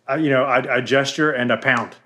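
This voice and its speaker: A man co-hosting a podcast in casual chat, loud, jokey and emphatic. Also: medium pitch, steady tone, a little fast. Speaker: podcast co-host. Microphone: sitting far from the mic.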